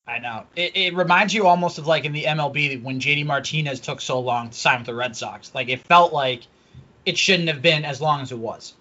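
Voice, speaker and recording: A man co-hosting a casual sports podcast, bantering quickly and agreeably. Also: on the high side, pushed and bright. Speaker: podcast co-host. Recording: dull lo-fi audio.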